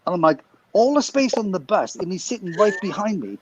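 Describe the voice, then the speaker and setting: A man, co-hosting a podcast, tells a funny story in a casual, animated way and laughs as he goes. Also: high-pitched, fairly quick, dull audio, a little hiss or hum. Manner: animated, laughs through his story, acts out quotes.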